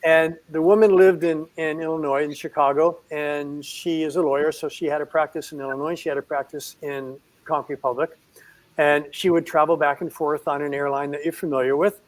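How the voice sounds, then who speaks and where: A middle-aged man, a veterinarian guest, telling an anecdote in an animated way with chuckles. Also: fairly high pitch, fairly quick, poor audio. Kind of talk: anecdotal storytelling.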